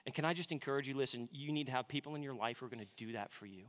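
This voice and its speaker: A man in his thirties preaching a sermon, telling a family story with earnest warmth and some self-deprecating humor. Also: medium pitch, rapid-fire. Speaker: pastor.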